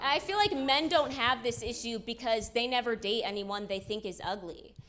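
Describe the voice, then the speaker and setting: A young woman performing a self-deprecating stand-up comedy set on stage, with quick asides to the crowd. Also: a little high. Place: comedy stage with live audience. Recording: live show with clear background noise.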